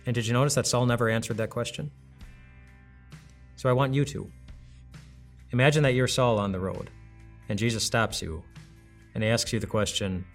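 A man's voice: medium pitch, moderate pace, pauses often, faint music behind. A man giving a conversational, reflective devotional sermon as a pastor, full of rhetorical questions.

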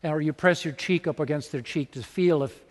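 A man's voice: fairly high pitch, moderate pace, big-room sound. A man preaching a sermon in a church, talking conversationally and acting out little scenes as he goes. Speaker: pastor.

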